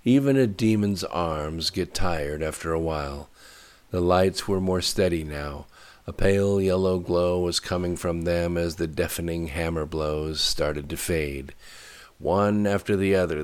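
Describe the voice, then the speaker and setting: A man reading a novel aloud as its narrator, in a steady, measured way. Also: low voice. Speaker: audiobook narrator. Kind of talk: scripted narration.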